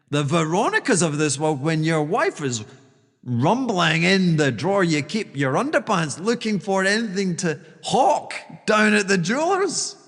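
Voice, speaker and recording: A man's voice: high-pitched, fairly bright tone, in a large hall. A male podcast host giving a theatrical financial monologue, digressing freely and acting out the voices of others.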